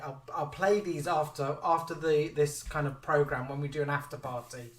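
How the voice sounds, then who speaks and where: A man's voice: on the high side, fairly even intonation, moderate pace, hardly any pauses, distant mic. Chatty man reading comments. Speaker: co-host reading viewer comments. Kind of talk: casual live-stream chat. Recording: echoey room, away from the mic.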